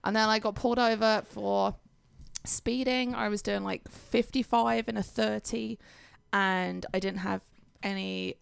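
A woman co-hosting a podcast, telling a story in a lively, chatty and wry way on a close mic. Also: mid-range voice, a little slow, vocal fry, clear, resonant tone, no echo. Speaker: podcast co-host. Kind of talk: casual chat.

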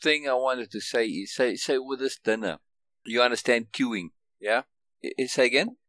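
In a dry recording, a man with a medium-pitched, sharp voice talks at normal speed. As a podcast host in a relaxed one-on-one chat, he explains emphatically, often restarting and repeating words, and frequently checks in with "right?" to make sure he's understood.

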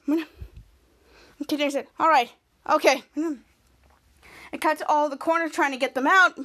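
Female podcast host, high voice, casual recap, halting and repetitive delivery. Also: steady tone, pushed and bright. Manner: halting, repetitive retelling with many restarts and "cut to".

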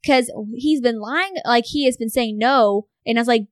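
Swearing, animated woman telling a story. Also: fairly high pitch, moderate pace, few pauses, no room sound, clean studio sound. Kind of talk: casual conversation.

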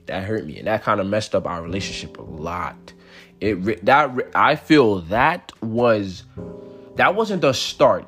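Slangy young man telling a story. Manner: slangy, profane, animated retelling with pitch swings. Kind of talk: casual storytelling monologue.

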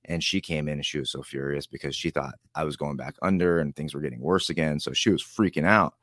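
His pitch is extremely low and his pace fast, with a slightly bright tone captured cleanly in a studio without echo. He rambles as a guest in a relaxed storytelling interview, voicing other people's quotes through laughter.

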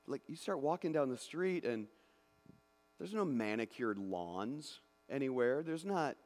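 A man preaching a lively sermon, acting out imagined voices and swinging between loud bursts and hushed asides. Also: mid-range voice, measured pace. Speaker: pastor. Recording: long hall reverb.

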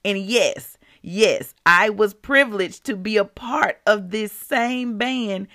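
Folksy woman preaching slowly. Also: mid-range voice, dry recording, studio quality. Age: adult, past college. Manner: animated, folksy, calls out to listeners. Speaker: devotional podcast host. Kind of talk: devotional storytelling and preaching.

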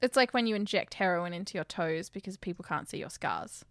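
Aussie woman chatting thru a film recap, bright lively voice, pretty dry sound. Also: on the low side, brisk, no room sound. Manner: chatty, agreeable, animated. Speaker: podcast co-host. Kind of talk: casual film recap chat.

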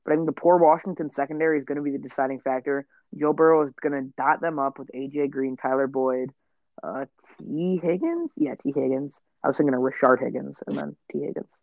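A man's voice: mid-range voice, fairly quick, gravelly, dry recording, lo-fi sound. A young man co-hosting a casual sports podcast, brash and joking, swearing freely. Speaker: podcast co-host.

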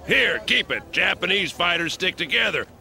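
A jovial, gravelly sumo fighter. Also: male voice, sits high, very animated, unhurried, sharp tone, full character voice. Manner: hearty, boisterous. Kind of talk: dubbed animated film clip.

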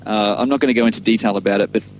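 A man's voice: lowish voice, steady tone, rapid-fire, rough recording. A man co-hosting a casual music podcast, rambling enthusiastically and laughing often. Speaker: podcast co-host discussing an album.

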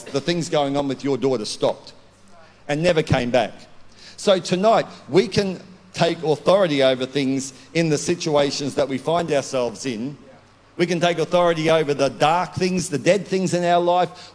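A man preaching a sermon as a pastor, loud and declaring, swinging from calm talk to shouting. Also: fairly high pitch. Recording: long hall reverb.

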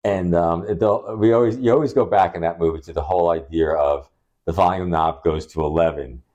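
Podcast co-host: a man with a low, mellow voice, rambling and laughing as he chats. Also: a little fast, muffled recording. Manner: rambling, laughing, acts out quotes. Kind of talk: casual chat. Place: rented holiday home.

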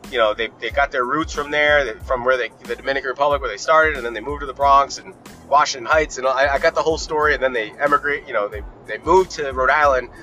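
A man's voice: mid-range voice, fast, bright, forceful tone, soft background music, rough recording. A young man hosting a podcast, ranting in a casual, profane, rambling and opinionated way. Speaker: podcast host.

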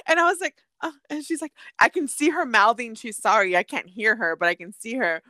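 A woman's voice: fairly quick, no echo. A young adult woman co-hosting a podcast, telling stories with lots of laughter, swearing freely and mixing in Spanish phrases. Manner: animated storyteller, bursts into laughter and high squeals. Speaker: podcast co-host. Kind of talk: casual chat.

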